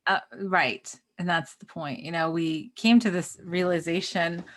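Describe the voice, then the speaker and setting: Relaxed woman co-hosting a spiritual chat. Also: lowish voice, unhurried, hardly any pauses. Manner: relaxed, rambling, frequent "right?" and laughs. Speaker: podcast co-host. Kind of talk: spiritual conversation.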